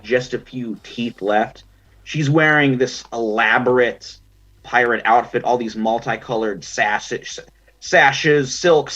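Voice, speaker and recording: A man running a tabletop game as game master, narrating the scene in a relaxed, descriptive, chatty way. The audio is dull and lo-fi. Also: mid-range voice.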